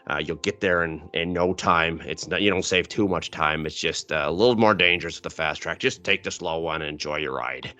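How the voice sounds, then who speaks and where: A man doing a low grumbling zipline attendant. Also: brisk, hardly any pauses, bright, forceful tone. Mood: advising.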